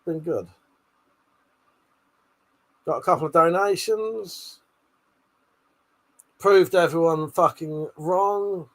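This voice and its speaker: A high-pitched man hosts a casual live stream, his voice bright and forceful. He answers chat in a brash, profane, teasing way and laughs often. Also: slow pace, long pauses.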